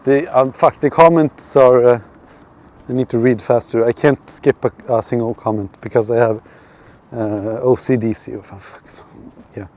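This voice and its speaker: Out walking at night on a city street, a Swedish streamer talks at normal speed in a steady, darkish mid-range voice. He swears, rambles, restarts and answers chat by reading it out, with traffic and street noise faint in the background.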